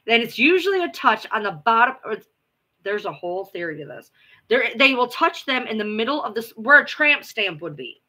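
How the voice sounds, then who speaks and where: A woman's voice: a little high, very animated, brisk, pushed and bright. A woman host chatting casually with viewers, rambling, repeating herself and swearing now and then. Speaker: livestream host. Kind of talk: casual chat answering viewers.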